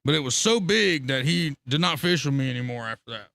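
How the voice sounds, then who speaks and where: A man's voice: medium pitch, a little fast, gravelly, no echo. A man telling rambling, profane fishing stories on a casual live stream. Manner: rambling, profane, animated storytelling with laughter.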